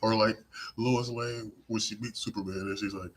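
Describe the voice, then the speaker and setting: A man's voice: lowish voice, steady tone, moderate pace, a bit bright, a little hiss or hum, low-quality recording. A man hosting a live-streamed podcast, delivering an emphatic, profane monologue. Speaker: podcast host.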